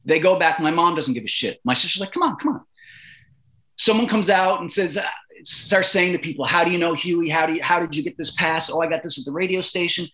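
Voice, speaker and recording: A middle-aged man from Canada spins an animated, swearing anecdote and voices every character himself. His voice sits high and sounds bright and forceful. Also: quick pace. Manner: animated, profane, acts out quoted voices. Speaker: guest. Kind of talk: storytelling in casual interview.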